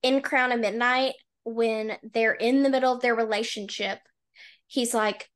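Measured woman, slightly high voice. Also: steady tone. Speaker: podcast co-host. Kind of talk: casual book discussion with read-aloud summary.

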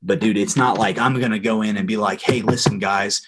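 A man's voice: on the low side, steady tone, fast talker, background noise. A young adult man, a former wrestler, telling a heated story on a podcast with lots of swearing. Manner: profane, heated, swears often. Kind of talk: casual storytelling.

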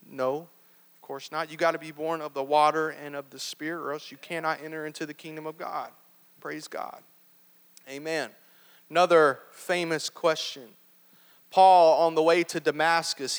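A man with a notably high voice preaches a sermon in an earnest way. He often restarts his sentences and drops in an affirming amen. His voice carries a long reverberant tail from the church sanctuary. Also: a bit bright.

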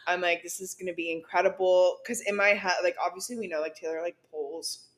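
A young woman co-hosting a podcast, talking in a blunt, animated way and swearing freely. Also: on the low side, a little fast. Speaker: podcast co-host. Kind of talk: casual chat.

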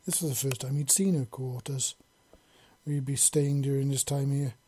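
A man reads a story aloud in a plain, unpolished way, with occasional slips and restarts. His voice is mellow and slightly husky. The recording is dry and close. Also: mid-range voice, steady tone, normal speed, no echo.

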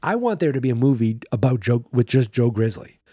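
A man hosting a podcast, casually recapping a film in a chatty, playful way and acting out bits of scenes in quick silly voices. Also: mid-range voice, lively intonation, warm tone, breathy edge, no echo, studio quality. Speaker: podcast host.

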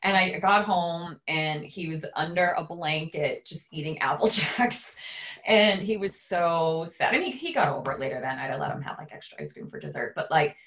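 A woman in her thirties, a podcast co-host, telling a story in a casual, animated way. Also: low-pitched, normal speed. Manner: animated, acts out quoted voices.

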